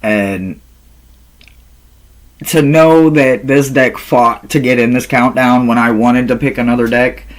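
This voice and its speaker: A man chatting casually in a vlog as a tarot reader, animated and quick to laugh, swearing freely. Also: medium pitch. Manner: slow, drawn-out delivery.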